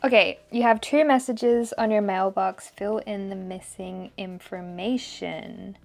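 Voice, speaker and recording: A young woman vlogging as she takes a language test, thinking aloud and sounding out foreign words slowly. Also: medium pitch, steady tone, gravelly, darkish tone, soft background music. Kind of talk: casual vlog commentary.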